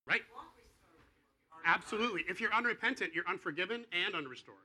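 A man preaching a sermon in a casual, conversational way, acting out the dialogue of the people in his story and swinging between quiet and loud. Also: high-pitched, animated, brisk, rough recording. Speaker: pastor.

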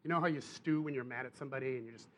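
A young adult man, preaching a sermon and telling a personal story with animated bursts of emphasis. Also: medium pitch, very fast.

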